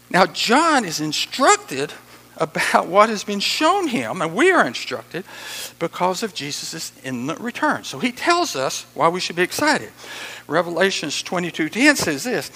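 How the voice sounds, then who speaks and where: Preacher guy in a church, really animated, voice echoing long through the hall. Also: high-pitched, moderate pace, creaky. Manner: animated, emphatic, breaks into excited shouts. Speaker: pastor. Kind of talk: sermon.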